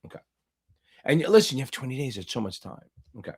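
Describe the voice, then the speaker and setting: A man tutoring for a finance exam, hosting a livestream Q&A, loud and profane, hyping viewers up and answering chat questions. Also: mid-range voice, sing-song, fast, gravelly, husky. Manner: loud, profane, hyped-up coaching.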